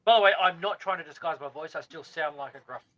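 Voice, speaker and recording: A crude, boozy male gnome, played by a man at the table, talking high and bright with a joking edge. He curses casually and keeps the banter loose. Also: fast talker, muffled recording. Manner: joking, swears freely. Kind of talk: tabletop role-play in character.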